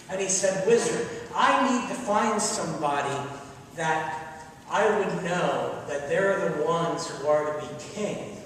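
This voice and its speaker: A man's voice: high-pitched, a bit bright, a little hiss or hum. A male pastor leading a children's message, coaxing children to take part and then telling a story. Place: large church sanctuary. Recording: echoey church hall from far off.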